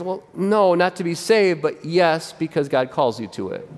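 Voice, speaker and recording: A man preaching a sermon as pastor, animated and conversational, often repeating and restarting his words. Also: fairly high pitch, moderate pace, hardly any pauses, in a large hall, slight background noise. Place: church sanctuary.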